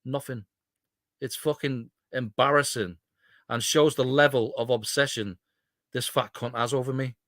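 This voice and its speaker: A man's voice: mid-range voice, fairly even intonation, a little slow, fairly bright tone, no room sound, clean studio sound. A man on a live stream panel, ranting scornfully about a rival. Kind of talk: heated live stream argument.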